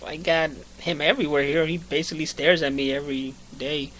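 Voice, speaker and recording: A male podcast host in loose, casual chat, cracking jokes and swearing without hesitation. His voice is bright and forceful, and he laughs easily between thoughts. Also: fairly high pitch, fairly even intonation, a little fast, a little hiss or hum. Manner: joking, profane, laughs often.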